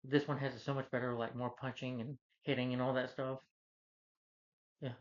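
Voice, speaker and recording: In a casual review, a man walks through a movie's plot at normal speed, rambling and using lots of fillers. His voice has an ordinary pitch with little movement, and the recording sounds dull and lo-fi.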